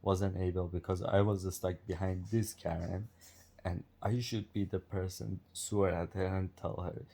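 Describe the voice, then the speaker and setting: A man recounts a run-in in an unhurried, casual way, often chuckling as he goes. His voice is low and mellow, and his English is loose, with non-native grammar. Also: level tone. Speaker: vlogger. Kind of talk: casual storytelling.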